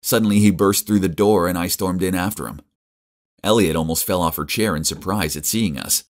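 A man's voice: low-pitched, brisk. A man narrating a dramatic first-person story in a conversational way.

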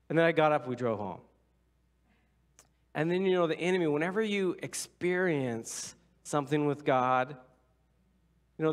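A man preaching as pastor, telling a personal story in a loose, conversational way and acting out the other voices with whispers and asides. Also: medium pitch. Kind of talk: sermon storytelling. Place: church sanctuary.

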